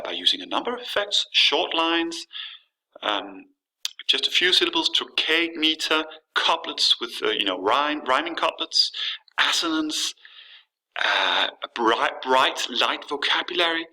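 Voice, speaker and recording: Bright-voiced male teacher explaining a poem. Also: medium pitch, big pitch swings, unhurried, rough recording. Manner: explanatory, with frequent fillers and restarts. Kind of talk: classroom lesson with a poem reading.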